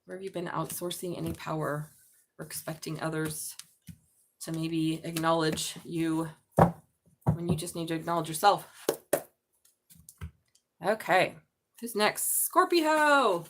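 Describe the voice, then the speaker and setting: A woman hosting a live tarot reading from her bedroom, thinking aloud and often breaking into excited exclamations. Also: sits low, measured pace, long pauses, slight background noise. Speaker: tarot reader.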